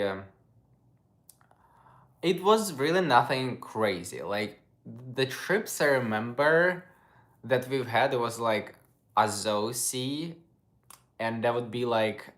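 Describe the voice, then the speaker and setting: A man's voice: on the low side, fairly bright tone. A young man casually chatting on a livestream, rambling and stopping to search for English words. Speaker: streamer.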